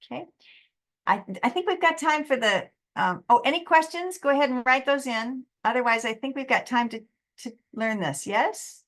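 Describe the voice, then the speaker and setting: A middle-aged woman giving a motivational webinar talk, acting out quotes in an animated way. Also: high voice, moderate pace. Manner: lively, animated, acts out quotes. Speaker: presenter.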